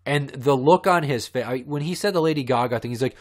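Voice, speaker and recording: This podcast host is a man with a mid-range voice who talks fairly quickly. His storytelling comes out as a profane, heated rant.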